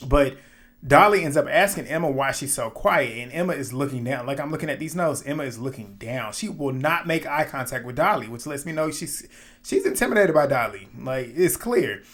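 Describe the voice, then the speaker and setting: A man giving a casual, opinionated recap of a reality show episode, animated, often laughing and swearing. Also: medium pitch, a little fast.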